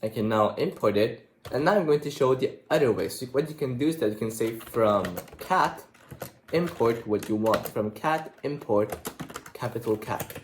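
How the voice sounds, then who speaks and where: A man's voice: mid-range voice, normal speed. Man reading code aloud while typing. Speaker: programming tutor. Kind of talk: screen-recorded coding tutorial. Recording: echoey room with faint typing noise. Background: keyboard typing.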